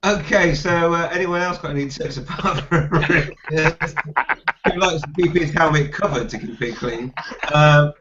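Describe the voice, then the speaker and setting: A man's voice: a little high, measured pace. A man hosting a live online hangout, chatting casually and teasing his guests with an easygoing, chuckling manner over a computer mic on a video call. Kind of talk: casual group banter. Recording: distant, muffled web-call audio with background noise.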